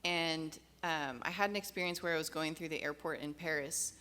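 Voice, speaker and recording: A woman with an American accent telling a story in a relaxed way on a panel. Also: sits low, a little fast. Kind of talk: casual panel discussion.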